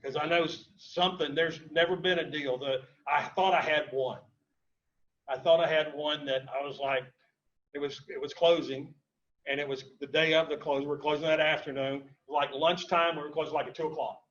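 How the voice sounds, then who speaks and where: A man addresses a seminar audience in a fairly high voice, leaning on key phrases and repeating them for emphasis. He drifts into anecdotes and then snaps back to the lesson. The live recording is a little dull and muffled. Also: steady tone, moderate pace, fairly bright tone. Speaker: seminar speaker on real estate investing. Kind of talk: live seminar talk to a room and online audience.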